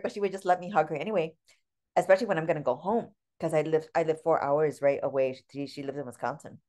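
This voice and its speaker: Woman in her forties, slightly low voice, sincere and personal, book club talk. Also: fairly even intonation, quick pace, mellow. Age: 40s. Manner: heartfelt, personal storytelling. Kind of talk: casual group discussion.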